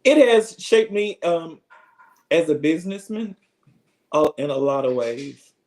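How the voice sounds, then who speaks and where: A man's voice: a little high, animated, unhurried, a little mellow, rough recording. A man with an Alabama accent, answering interview questions about his work as a businessman in funeral service, earnest and reflective.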